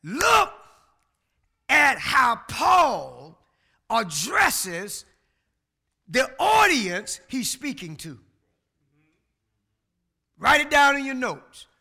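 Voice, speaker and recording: A man preaching a sermon who shouts his key words and banters with the congregation in folksy asides. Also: extremely high pitch, huge pitch swings, very slow, gravelly, pauses often, breathy edge.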